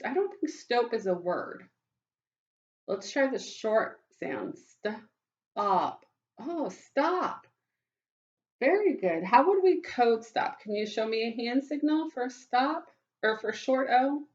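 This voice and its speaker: A woman teaching a phonics lesson to young children, speaking slowly and warmly, praising them often and sounding out words. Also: on the high side, muffled recording. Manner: slow, encouraging, praising often. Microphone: webcam.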